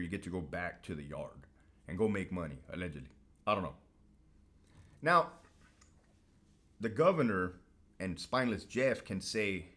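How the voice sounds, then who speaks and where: A man's voice: low voice, a bit bright. A man hosting a casual monologue to camera, talking in a blunt, profane, streetwise way. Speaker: host.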